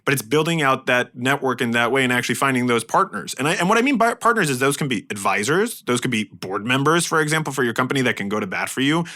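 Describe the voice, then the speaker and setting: A man co-hosting a business podcast, explaining go-to-market strategy in a lively, filler-heavy conversational way. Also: mid-range voice, quick pace, hardly any pauses. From United States. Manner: animated, explanatory, many fillers. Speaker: podcast co-host. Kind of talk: casual business podcast chat.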